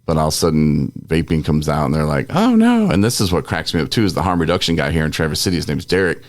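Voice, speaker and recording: A man's voice: extremely low pitch, steady tone, rapid-fire, no echo, studio quality. A man co-hosting a podcast, ranting in a worked-up, exasperated way. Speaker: podcast co-host. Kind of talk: casual ranting chat.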